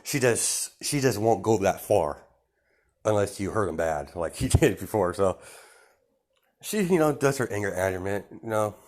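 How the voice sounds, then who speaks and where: Guy making up a fan story as he goes, low voice, lots of ums and restarts. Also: expressive, moderate pace, a little mellow. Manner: rambling, full of fillers and self-corrections. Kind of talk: improvised fan story narration.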